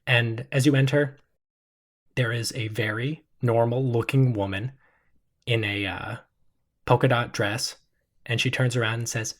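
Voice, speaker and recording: A man narrating a tabletop role-playing game as game master, in a relaxed, descriptive way with frequent fillers. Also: mid-range voice, unhurried, pauses often.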